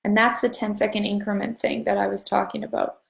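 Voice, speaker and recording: A woman's voice: mid-range voice, level tone, brisk, creaky, reverberant. A woman leading a voice class, giving a chatty, upbeat motivational talk to an online audience and rambling along with casual swearing. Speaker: voice class facilitator.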